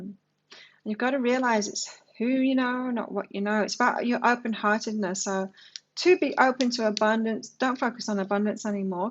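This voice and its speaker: A woman's voice: fairly high pitch, muffled recording. A woman giving a casual, chatty tarot reading to camera, musing aloud and telling stories. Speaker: tarot reader.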